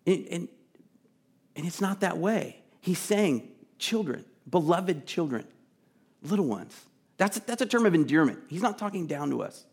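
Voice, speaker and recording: A man preaching a sermon, earnest and emphatic, chatting with asides and sometimes dropping to a soft, pleading voice. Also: high voice, very animated, a little slow, husky. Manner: drops to a soft, intimate tone to plead. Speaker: pastor.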